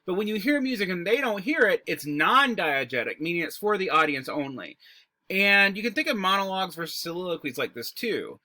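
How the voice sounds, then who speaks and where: A man teaching a recorded high school English lesson. He explains terms casually and breaks words into their parts. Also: very animated, brisk, bright, forceful tone, no echo. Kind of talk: recorded classroom lecture.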